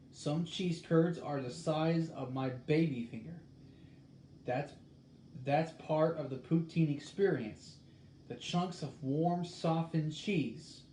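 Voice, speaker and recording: A man in casual talk, reading a recipe aloud and musing in a halting way as he thinks out loud. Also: fairly high pitch. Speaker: host. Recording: echoey room with faint background noise.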